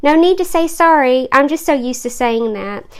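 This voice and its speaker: A brisk, cheerful hospital nurse, read by a woman, breezy and matter-of-fact. The voice is high and bright, in a storybook reading. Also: animated.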